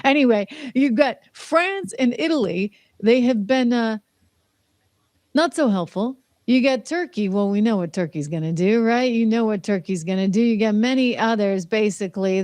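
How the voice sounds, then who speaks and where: A woman's voice: mid-range voice, darkish tone, no room sound, clean studio sound. Sarcastic woman hosting news commentary. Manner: sarcastic, scolding asides with laughs. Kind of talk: opinionated news commentary livestream.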